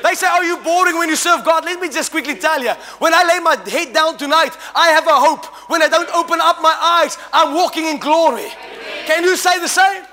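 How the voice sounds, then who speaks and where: A middle-aged man preaching a sermon to a congregation, animated and humorous, rising to shouts and drawing call-and-response. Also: very high-pitched, brisk. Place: church hall. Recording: church hall reverb.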